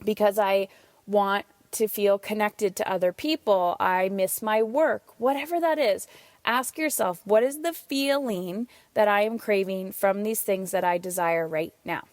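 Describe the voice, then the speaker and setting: A woman hosting her own podcast, talking in an energetic, emphatic way, a little out of breath, swearing casually now and then. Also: medium pitch, dry recording. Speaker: podcast host and parenting coach. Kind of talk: solo podcast monologue.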